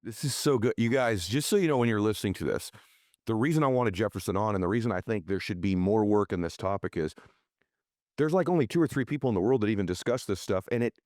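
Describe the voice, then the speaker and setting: A man's voice: on the low side, lively intonation, fast talker, darkish tone, no echo, clean studio sound. A man hosting a podcast, asking his guest questions and speaking to his listeners with candid enthusiasm. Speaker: podcast host. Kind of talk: interview questions and commentary.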